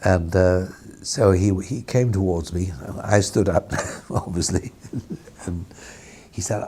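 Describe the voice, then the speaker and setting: A man's voice: low-pitched, slow pace, warm tone, a little hiss or hum. An older man, a former newspaper editor, telling a rambling story with frequent chuckles and restarts in an archival interview. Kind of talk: anecdotal reminiscence.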